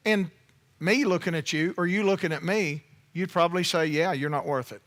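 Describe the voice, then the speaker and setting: A male pastor preaching a sermon in an animated, conversational way, with playful asides to the congregation. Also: fairly high pitch, moderate pace.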